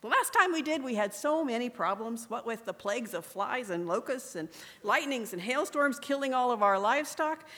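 A woman's voice: on the high side, expressive, moderate pace, fairly bright tone. A woman reading aloud as a weary, irritable male border soldier, questioning with dry skepticism. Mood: curt, sardonic. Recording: echoey room with long reverb.

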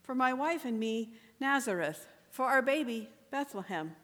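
A woman's voice: on the high side, animated, normal speed, fairly bright tone, voice pushed up. A woman reading aloud as a frightened, weary young husband fleeing with his family, earnest and pleading. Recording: echoey room with long reverb.

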